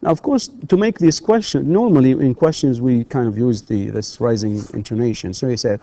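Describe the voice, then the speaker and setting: A man whose first language is Arabic lectures in a recorded university English lesson. His voice is mellow and sits at an ordinary male pitch, recorded close and dry. He stumbles through fillers and then models questions with a markedly rising, teacherly lilt. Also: a little fast, hardly any pauses, no echo. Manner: hesitant, many filler sounds and restarts.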